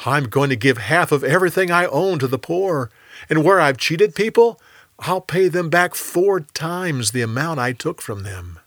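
A man's voice: on the high side, lively intonation, normal speed, a bit bright, no room sound, studio quality, voice pushed up. Zacchaeus, played by a male narrator. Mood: eager. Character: repentant rich male tax collector.

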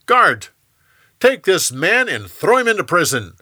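A man voicing a stern yet generous king who gives loud, commanding orders. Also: fairly high pitch, huge pitch swings, unhurried, no echo, studio quality, heavily acted. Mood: indignant.

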